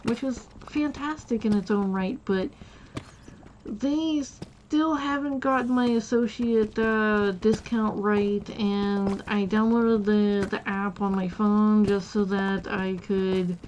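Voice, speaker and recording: A woman's voice: mid-range voice, fairly even intonation, slow pace, a little mellow, a little hiss or hum, rough recording. A woman live streamer chatting casually while she plays, rambling through stories with restarts and giggles.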